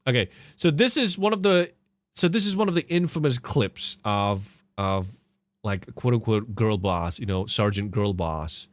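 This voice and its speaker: A man's voice: lowish voice, lively intonation, unhurried, no room sound. A man hosting a podcast and reacting to game clips in casual commentary, sarcastic and mocking, swearing and laughing often. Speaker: podcast host.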